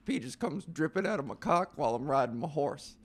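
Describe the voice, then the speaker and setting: A man's voice: fairly high pitch, animated, a little fast, husky. A man voicing a crude, boastful cowboy in a mock drawl, giggling through it.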